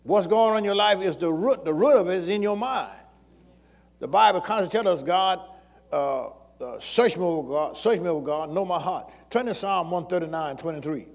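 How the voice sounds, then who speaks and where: A man's voice: high voice, normal speed, big-room sound. A man preaching a sermon as pastor, repeating phrases and calling out questions to the congregation.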